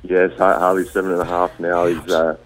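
A man in his thirties with a very deep voice, a guest in casual radio chat who talks haltingly with many fillers. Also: flat delivery, faint music behind. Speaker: guest footballer.

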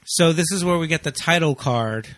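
Male podcast co-host, slightly raised pitch, conversational and easy, lots of fillers, dry sound. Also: fairly bright tone, no room sound. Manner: chatty, lots of "you know" and quick laughs. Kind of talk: casual movie chat.

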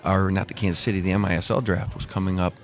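Older man, low voice, from Missouri; chatty podcast guest spinning long anecdotes with restarts. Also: little pitch movement, quick pace, soft background music. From Missouri, USA. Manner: rambling, with many restarts and quoted dialogue. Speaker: guest, former pro soccer player. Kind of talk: casual storytelling interview.

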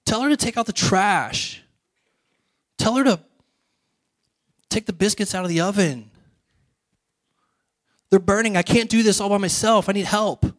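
Man putting on a high, whiny, pleading woman, frazzled older sister, sermon skit. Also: a little slow, long pauses, a bit bright, no echo, clean studio sound. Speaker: pastor.

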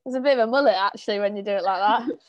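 A woman's voice: mid-range voice, racing, lo-fi sound. Blunt wry woman, musician guest. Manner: blunt, wry, a bit stressed. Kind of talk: casual chat.

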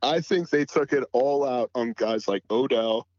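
A man's voice: medium pitch, unhurried, a little mellow, no echo, dull audio. A man as a podcast guest in casual sports chat, laid-back and full of "you know" fillers.

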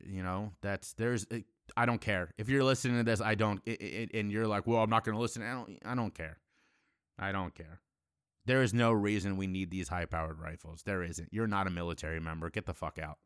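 A man's voice: fairly low pitch, a bit bright, clean tone, no echo, studio quality. A man delivering a heated, blunt solo monologue as a podcast host, swearing freely and breaking off to restart his sentences. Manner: impassioned, blunt, profane, halting restarts.

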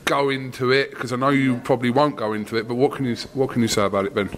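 Man, Essex accent, podcast host, chatty, rambling questions, casual swearing, mid pitch. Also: steady tone, quick pace, a bit bright. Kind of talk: casual sports interview.

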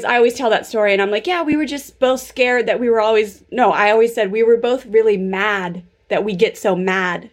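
A woman in her thirties hosting a podcast, telling a personal story in a chatty way full of fillers. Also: mid-range voice. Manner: chatty, filler-heavy storytelling with lots of 'like' and 'super'. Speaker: podcast host. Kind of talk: casual interview chat.

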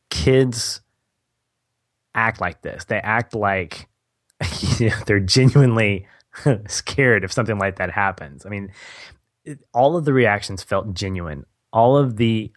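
A man's voice: lowish voice, fairly bright tone, dry recording, studio quality. A man co-hosting a podcast, enthusiastically recounting favorite movie scenes and teenage memories, laughing mid-sentence. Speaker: podcast co-host. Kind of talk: casual movie discussion.

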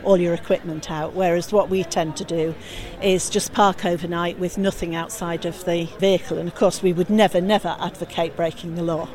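A woman's voice: lowish voice, fairly even intonation, a little mellow. A woman speaking for a campaign group, answering interview questions firmly and setting the record straight, recorded outdoors. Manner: firm, quick to correct.

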